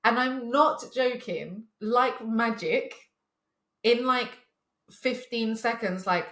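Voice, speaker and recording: A woman's voice: on the high side, slow pace, fairly bright tone, reverberant. A woman in her twenties co-hosting a podcast, telling a story in casual chat with swearing and laughs. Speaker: podcast co-host.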